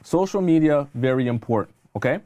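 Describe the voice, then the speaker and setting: A male dating coach gives advice on a livestream in a mid-range, dark-toned voice with lively intonation and a slightly fast pace. Emphatic and insistent, he hammers each point home, repeats himself and keeps asking "okay?" to be sure viewers follow.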